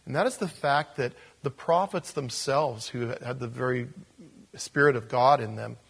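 A man's voice: mid-range voice, moderate pace, creaky, fairly bright tone, breathy edge. A man preaching a verse-by-verse sermon as a pastor, emphatic and repeating phrases for stress.

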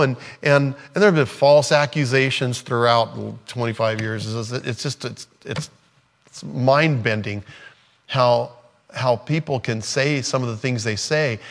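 Male preacher, sermon, conversational and earnest, middle-pitched voice. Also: fairly bright tone. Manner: acts out scripture dialogue in different voices.

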